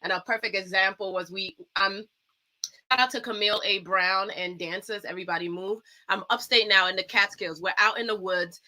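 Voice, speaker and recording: A woman speaks with a bright, forceful voice and tells her story in an animated, uplifting way. She is an earnest guest on a casual talk show. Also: medium pitch, a little fast. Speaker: guest dancer.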